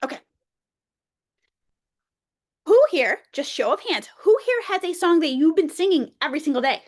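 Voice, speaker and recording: A woman presenting an early childhood workshop, playful and animated, talking straight to the group like a teacher. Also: high voice, moderate pace.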